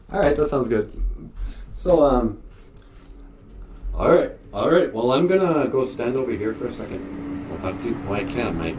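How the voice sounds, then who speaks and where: A cartoonist with an Ojibwe reservation accent, giving a casual, rambling studio tour with jokes and lots of fillers. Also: male voice, mid-range voice, warm tone. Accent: Ojibwe reservation English. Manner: rambling, joking, with many fillers. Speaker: show creator and cartoonist.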